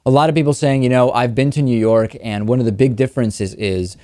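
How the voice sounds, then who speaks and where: A man hosting a political talk show, giving wry, quick commentary with frequent restarts. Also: medium pitch, steady tone, darkish tone, dry recording, clean studio sound. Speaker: host.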